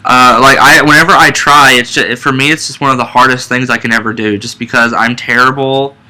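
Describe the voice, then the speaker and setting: A young man co-hosting a casual fan podcast, rambling excitedly with lots of restarts and fillers. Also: medium pitch, brisk, rough recording. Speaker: co-host.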